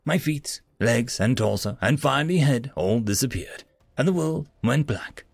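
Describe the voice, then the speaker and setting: A man narrating a story in the first person in an expressive, dramatic way. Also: mid-range voice, moderate pace, gravelly, no room sound. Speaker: audiobook narrator.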